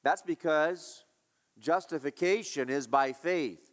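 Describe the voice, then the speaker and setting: A man's voice: a little high, takes it slowly. A male pastor preaching a sermon, emphatic and repetitive, asking his listeners rhetorical questions.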